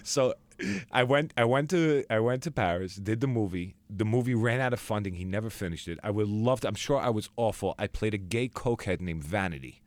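A young man, a guest actor, telling stories in a casual podcast chat, acting out quotes with big jumps in pitch. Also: brisk, hardly any pauses, no room sound. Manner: animated storyteller who acts out quotes with big pitch jumps.

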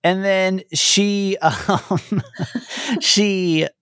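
A woman co-hosting a casual podcast, telling stories in an animated way with lots of "like"s. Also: mid-range voice, very slow, clean tone, no room sound, clean studio sound. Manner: animated storyteller, many "like"s. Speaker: podcast co-host. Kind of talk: casual chat.

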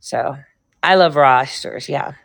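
A woman with a rumbling, low, creaky voice speaks a little slowly while hosting a livestream. She chats casually with a co-host, rambles between stories, and swears freely.

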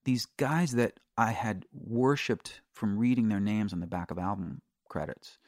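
A man's voice: fairly low pitch, a little slow, no room sound, studio quality. A middle-aged man, a singer-songwriter guest, telling candid stories in a casual interview, restarting sentences and swearing freely.

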